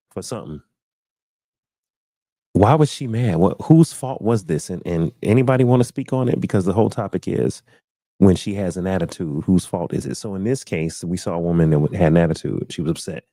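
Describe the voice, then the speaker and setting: A man's voice: low-pitched, a little fast, mellow, no echo. A man hosting a casual live stream discussion, loosely posing questions to his panel.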